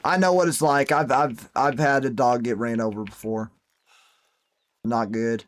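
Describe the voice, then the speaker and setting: A man's voice: mid-range voice, fairly even intonation, unhurried. A young man streaming a hunting game, chatting casually and reading viewer messages aloud with folksy exclamations. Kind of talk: casual live-stream commentary.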